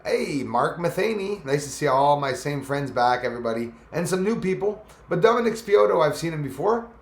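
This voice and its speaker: A man's voice: on the high side, lively intonation, fairly quick. A man hosting a casual live stream, chatting loosely and greeting viewers by name as their comments come in. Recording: echoey room.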